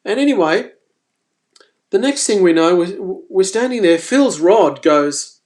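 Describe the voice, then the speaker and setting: A man hosting a live fishing stream, telling a story in an animated, exclaiming way. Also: high voice, measured pace. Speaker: fishing presenter.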